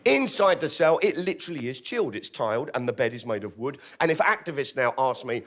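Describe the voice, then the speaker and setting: A man's voice: medium pitch, lively intonation, a little fast, few pauses, fairly bright tone. A male comedian from Britain telling a true story on stage in a wry, theatrical way, acting out the other people's lines. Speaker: stand-up comedian. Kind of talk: live storytelling comedy show.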